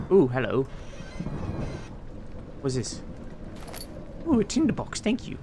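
A man giving casual let's-play commentary, swearing a lot, excitable, and talking to himself as he plays. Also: mid-range voice, slow, pauses often, a little hiss or hum. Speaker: gameplay streamer.

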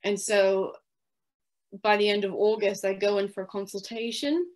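A woman with a British accent speaks as a guest in an interview, telling her faith story in an earnest, steady voice. Her pitch sits in a middle range, and she often slips into quoting her own past words. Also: normal speed. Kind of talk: personal faith testimony in an interview.

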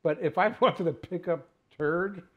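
An older man hosts a casual conversation, halting and repeating himself as he searches for words. His voice is somewhat high for a man, and the recording sounds a bit muffled. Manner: hesitant, stumbling restarts. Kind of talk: casual panel chat.

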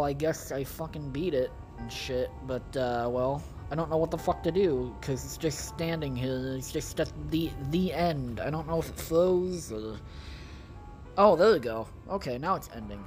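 A man's voice: on the high side, a little mellow. A man doing casual let's-play commentary, profane, exasperated and rambling as he talks to his viewers. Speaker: gaming video creator.

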